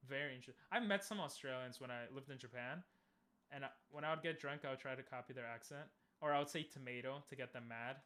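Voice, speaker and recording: A young man casually commenting on a game he is playing, chatting with viewers and bursting into loud cheers. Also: medium pitch, quick pace. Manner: talks to chat, asks viewers questions. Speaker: streamer.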